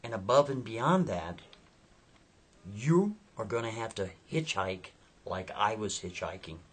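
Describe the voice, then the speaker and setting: Man doing a calm, creepy hitchhiker, steady and matter-of-fact, a bit husky. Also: on the low side, unhurried. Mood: ominous. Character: calm mysterious male hitchhiker, eerie.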